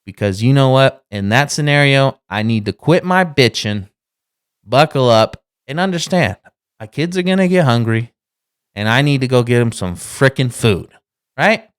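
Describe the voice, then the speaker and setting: A man's voice: medium pitch, animated, normal speed, smooth. A man in his thirties co-hosting a casual podcast, rambling with many restarts and swearing as he talks. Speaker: podcast co-host.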